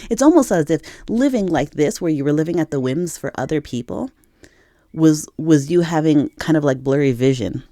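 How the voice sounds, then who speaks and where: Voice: medium pitch, lively intonation, normal speed, no echo, studio quality. A tarot reader giving an intuitive reading to camera, speaking in an earnest, encouraging way to the viewer and often restarting or repeating phrases mid-thought. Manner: gentle, encouraging, talks to the viewer as "you".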